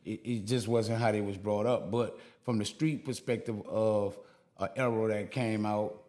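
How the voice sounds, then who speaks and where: A man's voice: fairly low pitch, steady tone, normal speed, a little mellow. A man with a New Orleans accent, co-hosting a podcast and musing in casual chat, full of fillers and restarts. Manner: reflective, rambling with many fillers. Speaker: podcast co-host.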